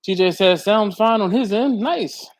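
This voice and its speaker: A man hosting a casual livestream from a hot garage, chatting and reading viewer comments aloud, laughing often. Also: unhurried. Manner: chatty, laughs often, lively swings in pitch. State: hot and sweaty. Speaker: livestream host. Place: warm home garage with a fan and air handler.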